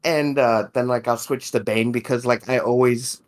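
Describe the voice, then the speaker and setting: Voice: mid-range voice, fairly even intonation, normal speed. A podcast co-host in a casual chat who talks loosely, swears freely and keeps laughing between words. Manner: giggly, loose and profane, laughs through sentences.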